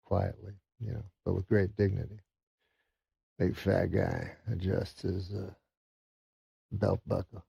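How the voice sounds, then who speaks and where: A man's voice: low-pitched, flat delivery, slow pace, gravelly, long pauses, warm tone, breathy edge, no echo, muffled recording. A man from Canada telling a stand-up joke in a rambling, storytelling way. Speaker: comedian.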